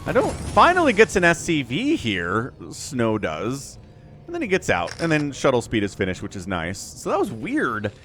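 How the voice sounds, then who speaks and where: A man giving casual esports commentary as caster, chatty and rambling, getting excitable at the action. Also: mid-range voice, moderate pace, faint music behind. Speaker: game caster.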